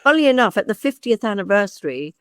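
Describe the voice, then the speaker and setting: An older woman recalls her past in a relaxed podcast chat, full of small hesitations and restarts. Her voice sits at a middle pitch and sounds dry and close, with no room around it. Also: fast talker, clean tone, no echo. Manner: lively anecdotal storyteller, hesitant fillers. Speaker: guest, former actress and agent. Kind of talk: casual chat.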